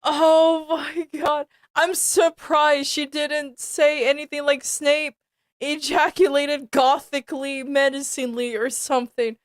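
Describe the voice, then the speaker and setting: A high-voiced young woman streamer talks slowly, drawing out her reactions. She sounds giggly and disbelieving, and her voice is close and dry with no room sound. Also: little pitch movement, dry recording. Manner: giggly and incredulous, often breaking into laughter. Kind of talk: casual live-stream reading commentary.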